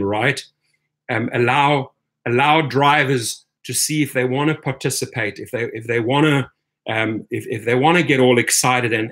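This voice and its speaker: A man's voice: mid-range voice, a bit bright. A man from Washington, D.C. hosting a live stream, speaking emphatically, tagging "right?" onto his points and calling viewers "my friends". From Washington, D.C., USA. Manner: emphatic, keeps adding "right?". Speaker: rideshare channel host. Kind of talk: live stream commentary, reading chat.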